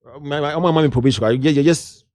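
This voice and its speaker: Ghanaian man telling lively stories. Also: on the high side, quick pace, no room sound. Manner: lively anecdotal, drifts into local slang. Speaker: guest, entertainment journalist. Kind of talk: casual interview storytelling.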